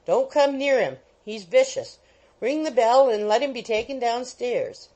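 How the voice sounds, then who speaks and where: A woman voicing a hot-tempered old country gentleman who barks out orders in a raised voice. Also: on the high side, expressive, measured pace, voice pushed up, poor audio. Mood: alarmed. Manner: blustering, shouting orders.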